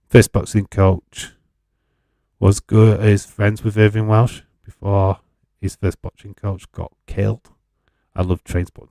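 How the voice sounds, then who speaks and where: A man with a lowish, gravelly voice talks slowly and chattily through a live wrestling watch-along. He wanders off into tangents and swears casually. The sound is close and dry. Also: steady tone, mellow, dry recording. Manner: rambling, chatty, swears freely. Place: home in Fife.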